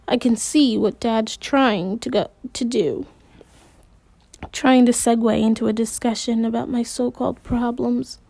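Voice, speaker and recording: Woman reader with a high voice, slow and halting, spells out tricky words, dry close sound. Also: steady tone, vocal fry, warm tone, no echo. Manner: halting, spells out hard words, adds side remarks. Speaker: audiobook reader. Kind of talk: reading a novel aloud with casual asides.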